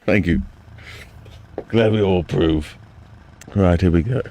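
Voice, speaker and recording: A man streaming a racing game, chatting excitably and reacting to every turn of the race. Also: low-pitched, slow, creaky. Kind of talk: live racing game commentary. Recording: loud game car noise underneath. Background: loud racing car engine noise.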